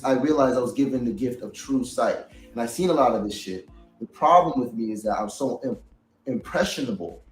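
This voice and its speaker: A man's voice: mid-range voice, darkish tone, reverberant, poor audio. A man in a heated, rambling, profane casual monologue into a studio microphone. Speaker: reaction commentator.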